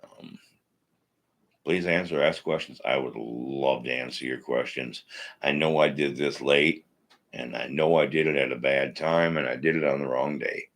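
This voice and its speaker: A man with a very deep, gravelly voice hosts a casual live stream. He rants bluntly and swears often as he talks through the week's wrestling. He comes from Minnesota. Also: steady tone, normal speed, a bit bright. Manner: blunt, ranting, profane, opinionated. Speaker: wrestling podcast host.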